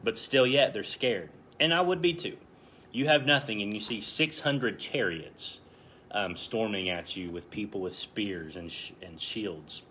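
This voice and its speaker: A man in his thirties teaching a Bible passage in a relaxed, conversational way, joking at his own expense. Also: lowish voice, unhurried, a little hiss or hum. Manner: conversational, self-deprecating, chuckles often. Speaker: Bible study leader. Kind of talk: casual Bible study teaching.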